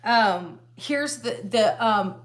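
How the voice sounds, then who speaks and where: A woman on a casual livestream, chatting with her husband and reading viewer comments aloud, rambling and relaxed. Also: medium pitch, extremely slow. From United States. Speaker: livestream co-host.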